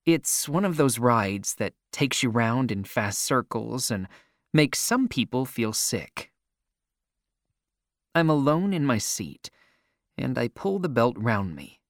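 A man narrates a first-person story in a slow, unhurried reading. His pitch moves expressively, and the emotion is clear in his voice. The recording is dry and close. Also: big pitch swings, no room sound.

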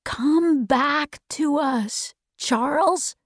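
A woman voicing a kind teenage boy who speaks quietly and earnestly in an audiobook. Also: high voice, drawn-out words, dry recording, clean studio sound, voice pushed up. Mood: gentle.

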